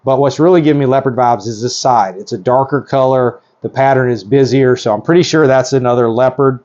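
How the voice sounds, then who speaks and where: A man with a mid-pitched voice talks through his work in a loose, excitable way, full of ums and restarts. The sound is a little dull and lo-fi, picked up by a camera mic at working distance. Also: brisk. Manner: excited, chatty, lots of fillers and restarts. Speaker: reptile breeder. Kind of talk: casual narration while working.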